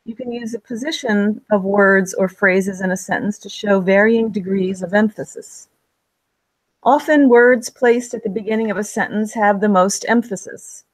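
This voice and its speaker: A woman narrating a writing lesson in a clear, measured way, reading examples aloud with the odd slip. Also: medium pitch, no room sound, poor audio. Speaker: writing instructor. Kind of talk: scripted instructional narration.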